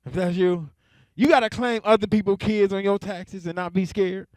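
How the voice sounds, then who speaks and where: A young man performing stand-up in an easy, laid-back way, chuckling to himself between jokes. His voice sits a bit high for a man and sounds close and dry. He stretches out his punchlines. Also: steady tone, normal speed, no echo. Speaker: stand-up comedian. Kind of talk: stand-up comedy set.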